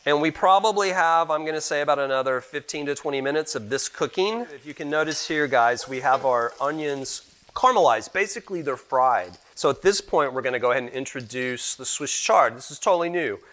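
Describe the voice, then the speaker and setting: A man's voice: a little high, animated, a little fast, a bit bright. A man cooking on camera as a guest cook, chatty and explaining each step while calling the viewers "guys". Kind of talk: cooking demonstration.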